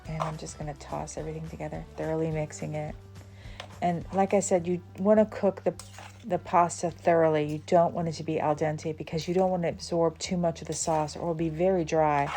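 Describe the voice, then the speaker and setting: A woman's voice: low voice, steady tone, a little fast, warm tone, soft background music. A woman from the Southern United States hosting a cooking channel, chatting casually through a recipe with fillers and small laughs. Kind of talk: casual cooking demonstration voice-over.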